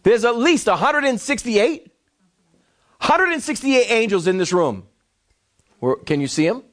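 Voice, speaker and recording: Animated preacher with a lively high voice. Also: male voice, a little slow. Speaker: pastor. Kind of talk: sermon. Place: church before a congregation.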